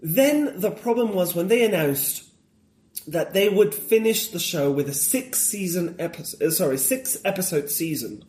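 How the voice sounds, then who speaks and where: High-voiced, opinionated man in an echoey room. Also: lively intonation, normal speed, darkish tone. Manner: enthusiastic, opinionated, digressive. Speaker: guest. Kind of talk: casual conversation.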